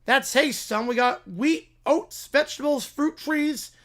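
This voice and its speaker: A man doing a slow folksy old farmer. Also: extremely high pitch, a bit bright. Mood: patient, folksy. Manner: slow folksy drawl, calls others son. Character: gruff old male farmer, patient, folksy.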